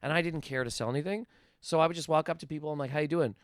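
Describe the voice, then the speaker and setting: A man telling animated stories on a podcast in casual chat, acting out dialogue and laughing often. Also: fairly high pitch, rapid-fire, clean tone, dry recording, clean studio sound. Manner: animated, laughing storyteller who acts out dialogue. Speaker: podcast co-host. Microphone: studio mic.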